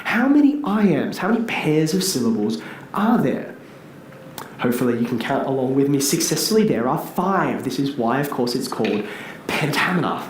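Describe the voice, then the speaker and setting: A man, a teacher giving a lively public talk to an audience and asking them questions. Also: mid-range voice, normal speed, a little hiss or hum. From Australia. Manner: animated, asks the audience questions. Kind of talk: public speech. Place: large hall with audience. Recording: echoey hall, faint ambience.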